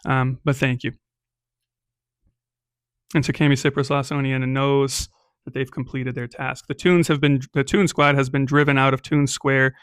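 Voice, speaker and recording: Man, solo tabletop player, casual rambling narration, middle pitch, dry sound. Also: clear, resonant tone, no room sound. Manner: relaxed, rambling, with frequent ums.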